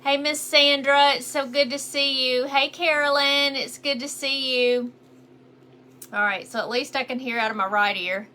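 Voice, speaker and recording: A woman with a Southern US accent talks her way through a live painting tutorial, recorded on a phone. Her voice sits a little high and sounds crisp and bright. She keeps up a friendly, chatty patter and greets her viewers by name. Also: fairly even intonation, normal speed. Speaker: painting instructor on a livestream. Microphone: phone on a mount.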